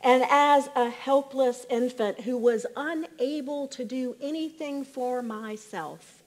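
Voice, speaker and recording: A woman's voice: sits high, slow pace, darkish tone. A woman sharing a reflective personal testimony during a church service.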